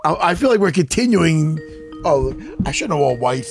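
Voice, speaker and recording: A man's voice: fairly high pitch, big pitch swings, normal speed, creaky, faint music behind. A man, a professional fighter, chatting as a guest, swearing freely, laughing often and rambling. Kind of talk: casual profane chat.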